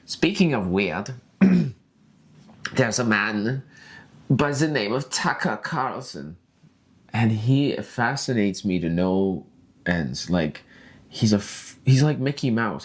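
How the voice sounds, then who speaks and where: Low-pitched man, lively swooping delivery, profane rambling podcast host. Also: measured pace. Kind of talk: solo casual podcast rant.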